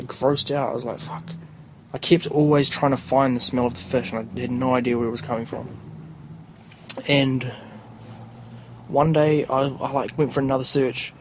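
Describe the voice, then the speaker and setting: A man's voice: mid-range voice, slight background noise, low-quality recording. Rambling New Zealand man telling stories. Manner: rambling and crude, loose with slang. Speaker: podcast host. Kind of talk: casual storytelling.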